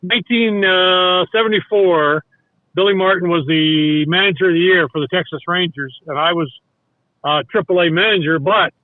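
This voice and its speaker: An older man spins a long rambling story, stopping to restart and acting out what others said. His voice sits high. The sound is dry and tinny, like a phone call. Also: moderate pace, no room sound. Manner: rambling anecdotes full of restarts and acted-out quotes. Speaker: guest, former baseball coach. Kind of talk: casual storytelling.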